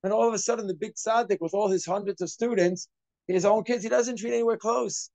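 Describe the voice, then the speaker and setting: Animated rabbi teaching a class. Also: male voice, sits high, vocal fry, no echo. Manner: animated, quick, acts out scenes in asides. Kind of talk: informal Torah class.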